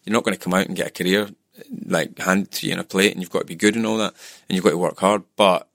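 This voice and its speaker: A man's voice: low voice, fairly even intonation, fast talker, gravelly, fairly bright tone, no echo, studio quality. A middle-aged Scottish actor in a casual interview, telling stories with animation and acting out the voices of people he quotes. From Scotland. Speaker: actor guest.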